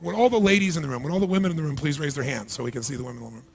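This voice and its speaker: A man with a high, lifted voice delivers a live motivational seminar in a large event hall. He is animated and keeps throwing questions straight at the crowd to pull them in. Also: very fast, breathy edge. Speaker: motivational speaker.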